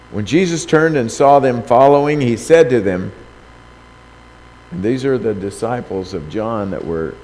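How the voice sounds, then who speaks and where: A male preacher in the middle of a sermon, throwing rhetorical questions at his listeners and calling out quoted scripture with a loud, raised voice. His voice rings with a long hall reverb, and a faint hiss sits underneath. He speaks at a middle pitch for a man.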